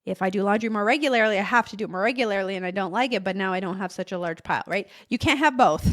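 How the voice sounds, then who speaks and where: A woman's voice: medium pitch, fast talker. A young adult woman hosting a casual solo podcast as a therapist, talking conversationally and acting out frustrated inner voices. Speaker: podcast host and ADHD therapist.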